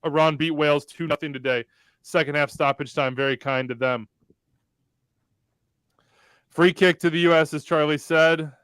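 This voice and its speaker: A man's voice: on the high side, steady tone, normal speed, long pauses, fairly bright tone, smooth, no echo. A man hosting a live watch-along show, calling the play and reading out the chat. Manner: calls the play and reads out the chat. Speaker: host.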